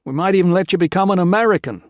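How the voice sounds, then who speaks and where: A male narrator voicing a steady soldier prisoner in an easygoing drawl, recorded dry. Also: sits high, racing, dry recording, pitched above the performer's own voice, lightly acted. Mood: easy.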